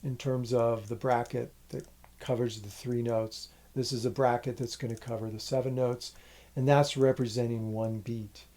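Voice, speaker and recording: A man teaching a music lesson, patiently explaining a rhythm and counting its syllables out loud. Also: medium pitch, steady tone, moderate pace.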